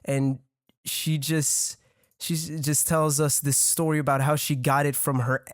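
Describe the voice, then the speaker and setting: A man's voice: a little high, level tone, a little slow, no room sound, clean studio sound. A young man in his twenties with a French accent, a native French speaker, telling a rambling, profane story in casual podcast chat with frequent laughs. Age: 20s. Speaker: podcast guest.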